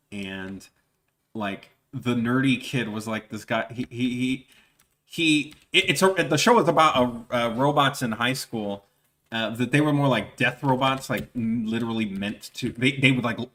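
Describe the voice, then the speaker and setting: A man's voice: medium pitch, fairly bright tone. A man chatting casually on a drawing stream, telling funny work stories and laughing often. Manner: laughs often, storytelling, restarts. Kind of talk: casual chat while drawing.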